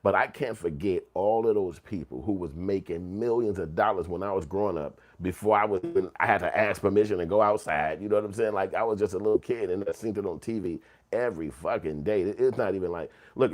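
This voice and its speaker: A middle-aged man, telling casual, profane, animated stories as a commentary host. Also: low voice. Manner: animated storytelling, swearing and slang.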